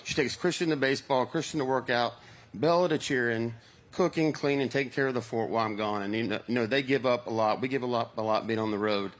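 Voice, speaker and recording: A man's voice: medium pitch, fast. A middle-aged man, a pro angler, speaking emotionally and from the heart on an outdoor stage.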